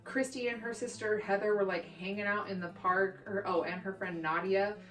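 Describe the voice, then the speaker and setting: A young woman from Texas telling childhood stories in a brash, profane, animated way for her vlog. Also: medium pitch, moderate pace. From Texas, USA. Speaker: vlogger. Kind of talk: storytime vlog. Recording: roomy echo, distant mic, faint guitar music.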